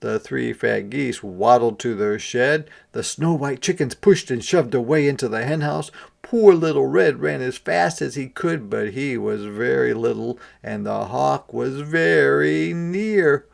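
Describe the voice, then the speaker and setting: A kindergarten teacher reading a picture book aloud, adding expressive asides and questions for young listeners. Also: mid-range voice, measured pace, gravelly, hardly any pauses.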